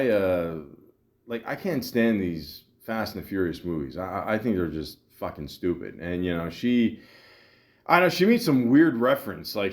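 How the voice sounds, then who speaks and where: A man in his forties hosting a podcast, rambling through a casual, profane monologue with lots of fillers and self-deprecating asides. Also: sits low. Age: 40s. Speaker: podcast host.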